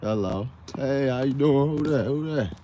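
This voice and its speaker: A man's voice: medium pitch, normal speed, dark tone, a little hiss or hum. A man from Chicago with a Chicago accent, hosting a casual livestream rant and rambling, often stopping to search for words. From Chicago, USA. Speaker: livestream host.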